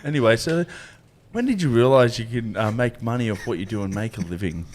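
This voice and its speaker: A man hosting a podcast in a pub, chatting casually with quick interjections. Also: mid-range voice, animated, very noisy. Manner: blokey, quick interjections and laughs. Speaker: podcast host. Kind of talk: casual chat.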